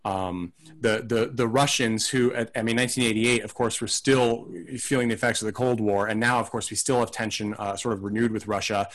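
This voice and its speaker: A man's voice: lowish voice, steady tone, fairly quick, hardly any pauses, fairly bright tone. Man musing through a film discussion. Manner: thoughtful, rambling, hedging; acts out mock quotes in silly voices. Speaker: film podcast co-host.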